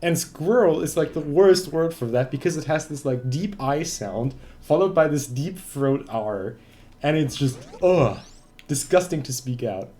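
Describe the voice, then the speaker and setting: A man's voice: a little high, animated, measured pace, mellow. A young German man streaming a game, chatting casually in English with a German accent, ranting and swearing in exasperation. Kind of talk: casual live-stream chat.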